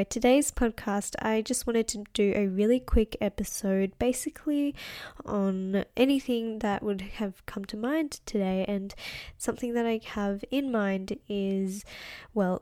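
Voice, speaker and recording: A young woman chats through a solo podcast with a mellow, softened tone. She talks in a chatty, self-deprecating way and keeps her voice deliberately low. The sound is dry and close, with no room echo. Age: young adult. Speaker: podcast host and wellness coach. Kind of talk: casual solo podcast monologue.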